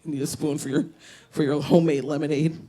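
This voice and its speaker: A woman's voice: low-pitched, little pitch movement, quick pace, dark tone. A woman tells stories through a stand-up set, brash and profane. She works a handheld mic on a small bar stage. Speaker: stand-up comedian. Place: comedy bar stage, indoors.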